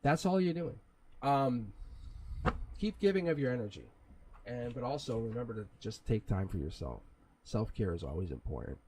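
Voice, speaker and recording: A man's voice: medium pitch, animated, moderate pace, noisy background. A man hosting a live tarot reading, talking in a rambling, casual way, chuckling often and swearing now and then. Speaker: tarot reader, livestream host.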